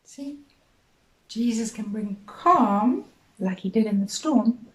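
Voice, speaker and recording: A middle-aged woman teacher gently speaking to young children in an assembly talk, telling them a story in a sing-song way. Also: a little high, expressive, slow, low-quality recording.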